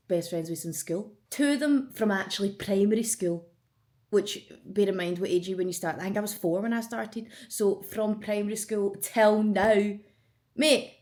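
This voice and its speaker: A woman's voice: medium pitch, a little mellow. A Scottish woman in her twenties, chatting casually and emotionally as a vlogger, swearing freely. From Scotland. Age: 20s. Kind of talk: casual get-to-know-me chat.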